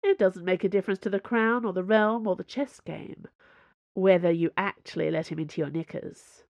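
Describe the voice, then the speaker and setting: A woman's voice: fairly low pitch, steady tone, moderate pace, vocal fry, dry recording, highs cut off. A woman reading the lines of a sarcastic, smirking male intruder in an audiobook, with a teasing, smug delivery.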